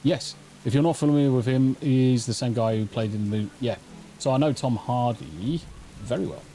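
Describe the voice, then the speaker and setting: A man's voice: mid-range voice, normal speed, warm tone, slight background noise. A middle-aged Englishman with an English accent, chatting casually and rambling with swearing while he live-streams a game on a studio mic. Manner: rambling, sweary, self-deprecating banter. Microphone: studio mic through a mixing console.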